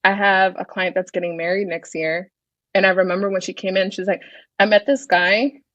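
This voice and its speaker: A woman's voice: fairly low pitch, little pitch movement, a little fast, fairly bright tone, dry recording, muffled recording. A woman in her thirties, a podcast guest, talking in a confident, frank way and swearing freely in casual chat. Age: 30s.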